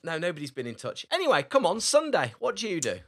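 Jokey podcast co-host, bright and lively. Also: male voice, fairly high pitch, quick pace. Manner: playful, jokey, teasing. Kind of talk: casual chat.

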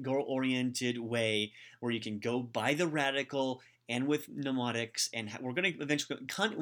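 Opinionated man hosting a study podcast. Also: mid-range voice. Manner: opinionated, animated, frequent restarts. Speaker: Japanese language podcast host. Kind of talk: casual advice monologue.

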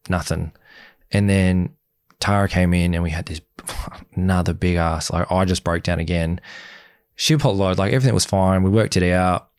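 Low-voiced man telling a story. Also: no echo. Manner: animated retelling, acts out quoted dialogue, frequent swearing. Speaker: guest, former reality show contestant. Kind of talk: casual interview storytelling.

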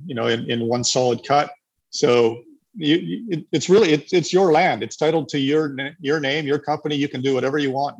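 Male presenter, rough and husky voice, easygoing rambling delivery. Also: mid-range voice, poor audio. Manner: rambling, with many restarts and fillers. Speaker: agroforestry project presenter. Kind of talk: casual webinar presentation.

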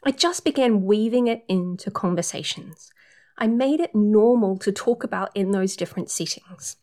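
A woman's voice: medium pitch, normal speed, dark tone. A woman working as a period coach, talking through numbered tips in an upbeat, casual advice monologue.

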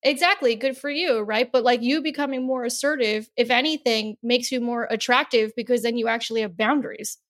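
Candid woman coach, chatty. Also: fairly high pitch. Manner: candid, tags sentences with "right?", quick to laugh. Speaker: business coach, guest. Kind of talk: casual interview chat.

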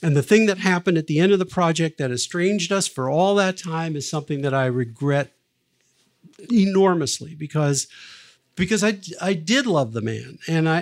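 A man's voice: a little high, moderate pace. An older man, a record producer, telling long anecdotes in an interview, with many fillers and restarts. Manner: lively raconteur, many fillers and restarts, acts out quoted lines. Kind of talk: anecdotal storytelling in a podcast interview.

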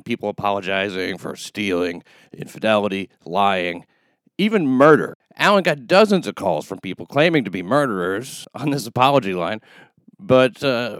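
A man's voice: fairly low pitch, dry recording. A man presenting a podcast preview and reading a promotional message. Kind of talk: promotional read.

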